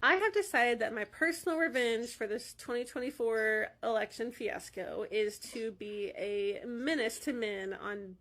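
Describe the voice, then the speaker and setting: A woman's voice: on the high side, a little slow, hardly any pauses, fairly bright tone. A woman in a defiant, mocking social media monologue.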